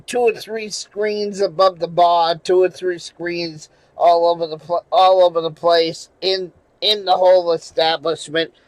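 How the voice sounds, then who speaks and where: A New England man with a notably high voice hosts a casual livestream on his channel, telling a long, rambling story full of restarts. He swears freely and laughs often, yet his delivery is flat and a little slow. The recording is rough, close and dry, with no room sound around it.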